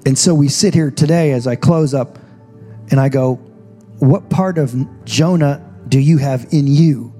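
A man's voice: mid-range voice, unhurried, warm tone, breathy edge, faint music behind. A man preaching a sermon as pastor, telling the story in a casual, joking way. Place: church stage.

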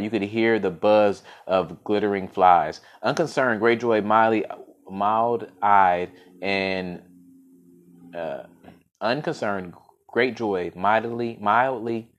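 Man, low voice, storyteller reading a fable aloud, occasional slips and restarts. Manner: unscripted-sounding reading with frequent restarts and fillers. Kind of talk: reading a folk tale aloud.

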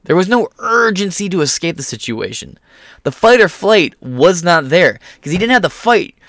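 A man's voice: sits high, big pitch swings, normal speed, a bit bright, dry recording, studio quality. A young man talking through a casual commentary vlog, sarcastic and mocking, swearing freely. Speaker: political commentator.

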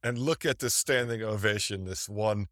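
A man's voice: on the low side, moderate pace, a bit bright, no room sound, studio quality. A man co-hosting a podcast, making sarcastic jokes in casual chat about old wrestling episodes. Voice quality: sarcastic, joking. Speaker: podcast co-host.

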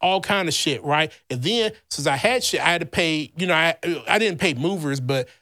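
A man with a slightly high speaking voice tells a long personal story on a podcast, loose and rambling, with plenty of fillers. He is blunt and curses constantly as he gets worked up. The sound is close and dry, with no room around it. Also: normal speed, no room sound. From Louisiana. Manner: heavy swearing, blunt and animated. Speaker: podcast host. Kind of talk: casual storytelling chat.

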